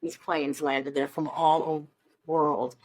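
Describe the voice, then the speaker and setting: A woman's voice: sits low, little pitch movement, unhurried, darkish tone. A woman from Nebraska, a Broadway performer, telling stories in a chatty, enthusiastic way as an interview guest, with frequent ums. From Omaha, Nebraska, US. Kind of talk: casual interview chat.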